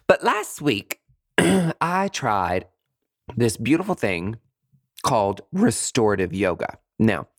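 A man talking casually to his listeners, acting out his own thoughts in quick jumps to high, dramatic voices. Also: sing-song, no echo, studio quality. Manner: swears freely, says "girl" and "honey". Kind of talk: casual monologue.

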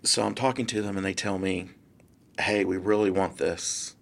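A man's voice: low-pitched, moderate pace, creaky. A man, a guest real estate broker telling a story casually and acting out the quotes in changing voices. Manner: animated, acts out quotes in different voices.

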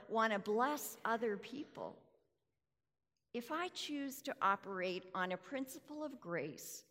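A calm, generous landowner as a woman preacher voices him. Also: fairly high pitch, heavily acted. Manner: gentle, patient explaining. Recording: reverberant hall.

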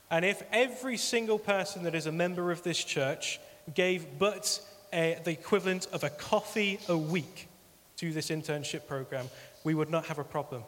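Earnest preacher in a reverberant hall. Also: male voice, fairly high pitch, fairly bright tone. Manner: earnest, repeats phrases for emphasis. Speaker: pastor. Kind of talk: sermon appeal.

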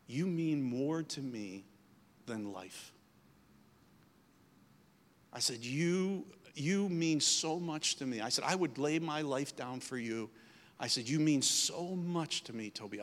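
Bright-voiced man preaching in a hall. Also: mid-range voice. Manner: storytelling that builds to emphatic preaching. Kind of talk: sermon.

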